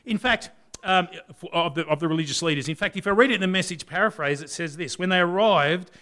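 High, bright-voiced male preacher. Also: fast. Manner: conversational, rhetorical questions, wide swings in loudness. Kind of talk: sermon.

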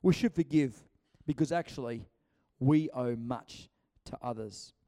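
Speaking at a measured pace in a warm, mid-range voice, this preacher keeps his sermon conversational. He's chatty, performs the quotes he cites, and often restarts sentences.

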